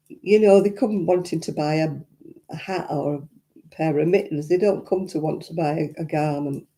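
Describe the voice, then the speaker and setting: Her voice sits low and sounds mellow. This older Lancashire-accented woman from Royton, North West England, runs a crafting livestream, chatting and rambling casually through viewer comments with plenty of chuckles.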